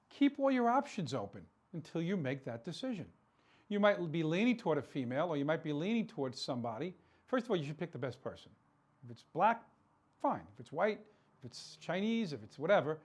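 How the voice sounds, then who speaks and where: A man's voice: fairly high pitch, very animated, a little fast, breathy edge. A man hosting a political talk show, delivering an impassioned commentary monologue full of rhetorical questions and repeated words for emphasis.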